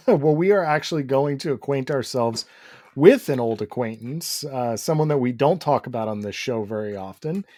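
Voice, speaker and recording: A man co-hosting a podcast in casual chat, easygoing and quick to laugh. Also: medium pitch, animated, dark tone. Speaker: podcast co-host.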